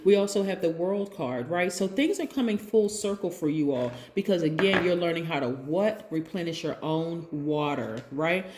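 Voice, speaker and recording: A woman with a lowish voice gives a relaxed spiritual tarot reading to her viewers. She talks in a chatty, conversational way and keeps tossing in rhetorical questions. Her voice rings out in a roomy, echoey space. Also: normal speed, hardly any pauses, a little hiss or hum. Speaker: tarot reader. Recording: roomy echo.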